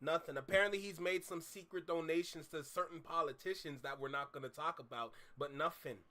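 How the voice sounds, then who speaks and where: A man's voice: fairly high pitch, a little fast, sharp tone. A man hosting a reaction video, ranting heatedly and swearing as he reacts. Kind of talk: casual reaction commentary.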